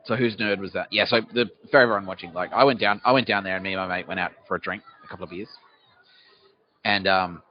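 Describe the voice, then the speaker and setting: A man's voice: sits low, steady tone, fast. An Australian man hosting a podcast, rambling through a comic monologue outdoors on a city street, swearing freely and answering his own questions. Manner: swearing, asks himself questions and answers them. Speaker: podcast host. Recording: dull lo-fi recording.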